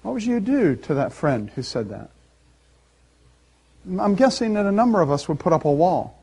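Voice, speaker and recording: Man, pastor, sermon, emphatic, animated delivery, slightly high voice. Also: husky. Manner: animated, emphatic, uses dramatic pauses.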